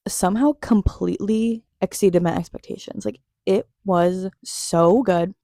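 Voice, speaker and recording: A young woman recapping a TV episode in an excitable, gushing, chatty way. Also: on the low side, dry recording, studio quality. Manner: gushing, excitable, laughs often. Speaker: TV recap vlogger.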